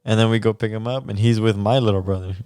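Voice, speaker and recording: A man's voice: fairly low pitch, fairly even intonation, fast talker, a little mellow, clear, resonant tone, dry recording. A young man, co-hosting a podcast and telling a story in casual chat, laughing often and swearing casually. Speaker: podcast co-host.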